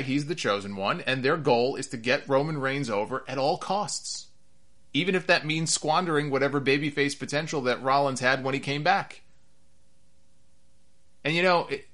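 A man giving opinionated solo commentary on wrestling, animated and sarcastic, repeating himself for emphasis. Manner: animated, rises in pitch when worked up.

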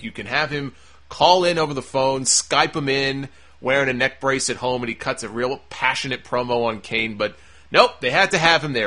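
A man hosting a podcast, recapping wrestling in a casual, sarcastic, profane rant. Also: mid-range voice. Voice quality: sarcastic, animated, swears freely.

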